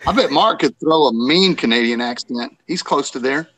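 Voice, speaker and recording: A man's voice: mid-range voice, animated, moderate pace, a bit bright, no echo. A man in a casual show chat, joking and laughing at his own remarks.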